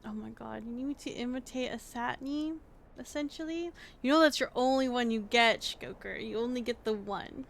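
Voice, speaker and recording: A woman's voice: fairly high pitch, normal speed, vocal fry, slight background noise. A woman livestreamer talking casually to chat, tired from a very long stream, rambling and thinking aloud with many restarts.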